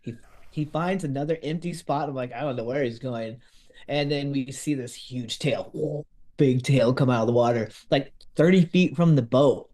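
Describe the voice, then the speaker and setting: A man telling a story in lively podcast chat, acting out what others said. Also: medium pitch, normal speed. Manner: lively, acts out quotes of others.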